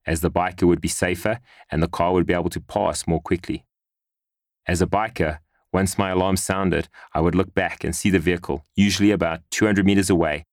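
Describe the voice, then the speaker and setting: A man reading a first-person memoir in a measured, earnest storytelling manner. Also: low voice, no room sound, clean studio sound. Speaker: narrator.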